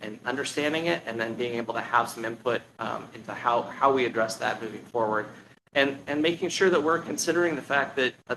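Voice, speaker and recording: A man giving a halting presentation to a public commission, with many fillers and restarts. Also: medium pitch, sharp tone, a little hiss or hum, low-quality recording. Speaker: staff presenter. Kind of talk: meeting presentation. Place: public meeting room.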